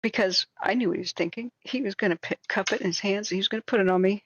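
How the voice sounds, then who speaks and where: A woman hosts a livestream and tells a long story in a casual, rambling way, acting out the people in it. Her voice sits at a middle pitch. The sound is dry and a little dull, like a basic desk mic. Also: rapid-fire, slightly rough, no echo. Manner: animated, rambling, acts out quotes with shrieks and laughs. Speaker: livestream host.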